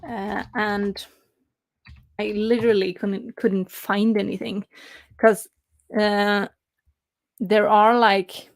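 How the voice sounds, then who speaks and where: Slow-talking chatty woman streamer. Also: medium pitch, level tone, no room sound, studio quality. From Norway. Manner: chatty, reads chat aloud, laughs often, hesitant fillers. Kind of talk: casual live-stream chat.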